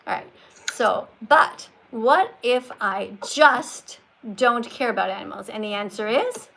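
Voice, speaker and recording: Woman, live-stream host, emphatic, lecturing, gravelly voice, fairly high. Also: lively intonation, a little slow, a bit bright. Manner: emphatic, lecturing, corrects pronunciation. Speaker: livestream host talking with callers. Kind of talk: live-stream call-in chat.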